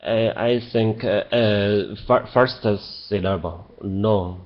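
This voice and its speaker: Hesitant man student, slow speech. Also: fairly low pitch, highs cut off. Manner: hesitant, many fillers. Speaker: language student. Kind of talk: answering in class.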